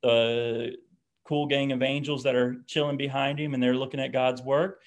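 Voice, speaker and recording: A man's voice: mid-range voice, flat delivery, normal speed. Casual man giving a church talk. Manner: casual, restarts often, tags lines with "right?". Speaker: speaker on disability theology.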